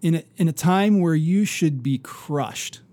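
Mellow, earnest man telling a story. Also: fairly high pitch, lively intonation, unhurried, no room sound. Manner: earnest storytelling with many restarts. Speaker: podcast co-host. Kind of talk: casual faith podcast conversation.

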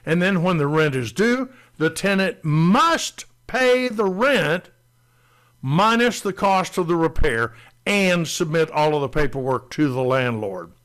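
A man co-hosting a talk show, explaining rental rules in a deliberate way and stressing key words. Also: high-pitched, a bit bright. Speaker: landlord co-host explaining rental law.

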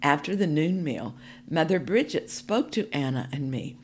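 A woman reading a storybook aloud for a podcast, narrating in the first person in a calm, measured way. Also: deep voice, a little hiss or hum.

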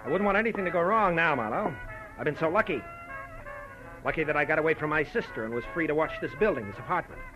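A man's voice: fairly high pitch, expressive, fast, lo-fi sound, music in the background, lightly acted. A man playing a scheming male swindler who holds a gun, talking in a cold, gloating way in an old-time radio drama. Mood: menacing. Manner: menacing, gloating. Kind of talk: 1940s radio acting.

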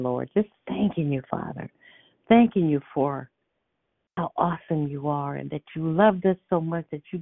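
Woman praying, fervent, repetitive praise, gravelly edge, tinny phone line. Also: deep voice, dry recording. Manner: fervent, repeating praise words. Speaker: prayer line leader. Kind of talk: spoken prayer on a phone line.

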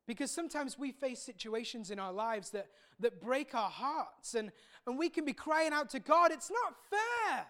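A man preaching a sermon as a pastor, earnest and reflective, pausing often and repeating words as he speaks. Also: very high-pitched, a bit bright.

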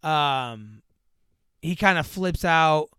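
Casual male co-host, higher-pitched and smooth, rambling storyteller who acts out every line, dry close mic. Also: animated, extremely slow, fairly bright tone, no room sound. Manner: rambling, filler-heavy, acts out characters in a raised voice. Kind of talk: casual chat retelling a movie.

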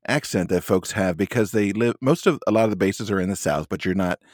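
A man's voice: sits low, brisk, darkish tone, no echo, studio quality. A man co-hosting a casual podcast chat, rambling and joking with lots of hedges. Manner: rambling, hedging, jokey. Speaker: podcast co-host.

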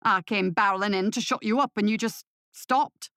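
A woman voicing a gruff, practical male thief who talks bluntly and dismissively, in a storybook reading. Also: medium pitch, normal speed, fairly bright tone, no echo, studio quality, natural voice.

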